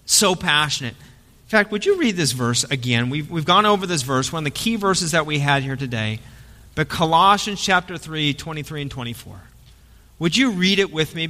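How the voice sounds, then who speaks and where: A man's voice: a little high, bright, forceful tone. A man preaching a sermon as pastor, telling stories in a conversational, joking way. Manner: conversational storytelling with jokes. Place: church sanctuary. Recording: long church reverb.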